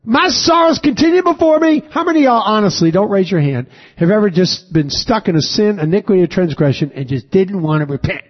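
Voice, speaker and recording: A man with a high-pitched voice preaches a sermon, reading scripture aloud and pausing to quiz the congregation with questions. His delivery swells with emphasis on key words. The recording sounds a little dull and lo-fi. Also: animated. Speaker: pastor. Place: church sanctuary with congregation.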